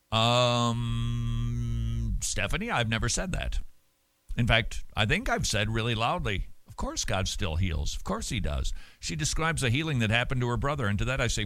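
A man hosting a show, answering listener mail in casual talk, animated and emphatic with many restarts and repeated words. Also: mid-range voice, measured pace, no echo. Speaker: radio show host.

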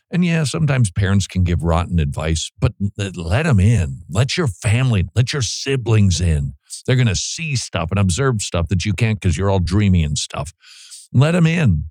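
A man's voice: on the low side, darkish tone, no echo. A man hosting a Christian radio show, bantering with jokes and then giving earnest pastoral advice to a caller. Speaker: radio host. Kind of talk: casual radio talk and advice.

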